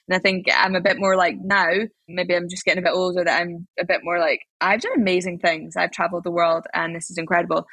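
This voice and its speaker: A woman's voice: on the low side, little pitch movement, fairly bright tone, no echo. A young woman, a podcast guest, talking in a rambling, upbeat way in a casual interview. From Scotland. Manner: rambling, upbeat, quick talker.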